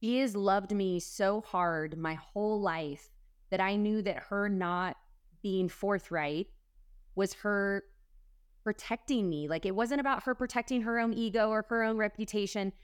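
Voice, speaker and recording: A woman's voice: mid-range voice, unhurried, clean tone, no room sound, clean studio sound. A woman guest in a conversation, telling a personal story earnestly, with a rush of quoted dialogue.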